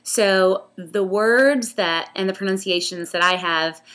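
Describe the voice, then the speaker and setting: A woman's voice: medium pitch, takes it slowly, sharp tone. A woman with a Western New York accent touched by New Orleans, chatting casually and reading a word list in a rambling way with many ums. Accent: Western New York with some Southern New Orleans influence. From upstate New York. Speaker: vlogger. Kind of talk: casual accent tag video.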